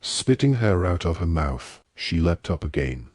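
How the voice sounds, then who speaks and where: A man narrating an audiobook with a steady storytelling read. His voice is very low and deep. The recording is dry and close, with no room sound. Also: a little slow, breathy edge, dry recording.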